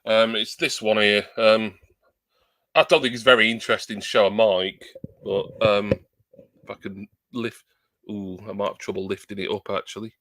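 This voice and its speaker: A man with a low, bright and forceful voice chats on a home live stream into a desktop USB mic. He rambles, fills gaps with ums and pokes fun at himself. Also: fairly even intonation, moderate pace. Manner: rambling, chatty, self-deprecating, many ums. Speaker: livestreamer. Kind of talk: casual live-stream chat. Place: at home at a computer. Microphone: new desktop USB microphone.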